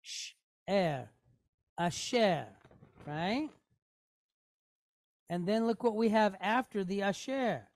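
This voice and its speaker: A woman's voice: mid-range voice, animated, slow, pauses often, a little mellow, dry recording. A woman teaching a Hebrew reading lesson, going step by step and checking in often with her students. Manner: patient, step-by-step, checking in with "okay? right?". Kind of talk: classroom lesson.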